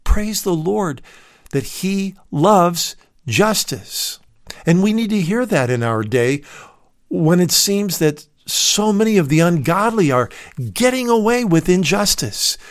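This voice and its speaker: A man's voice: sits high, expressive, takes it slowly, no echo. Emphatic preacher man, dry studio sound. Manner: emphatic, swells on key words; addresses listeners as dear friend. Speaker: radio preacher. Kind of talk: recorded sermon.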